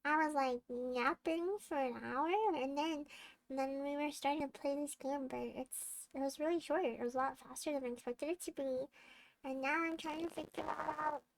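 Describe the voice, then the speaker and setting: A woman's voice: high voice, fairly even intonation, moderate pace, vocal fry, a little hiss or hum. A sleepy woman streamer chatting casually with her viewers, rambling and giggling, with lots of restarts.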